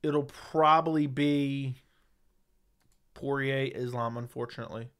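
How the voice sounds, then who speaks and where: A man's voice: mid-range voice, fairly even intonation, a little slow, a bit bright, clean tone. Blunt sarcastic man hosting a livestream. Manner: blunt, sarcastic, slangy replies to chat. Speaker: livestream host reading viewer chat. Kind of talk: casual livestream chat. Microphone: studio microphone.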